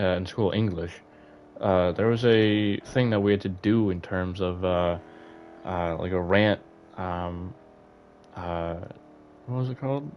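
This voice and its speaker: A man's voice: lowish voice, a little mellow. A young man streaming, chatting casually to his viewers, rambling with lots of fillers and restarts. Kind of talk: casual live-stream chat.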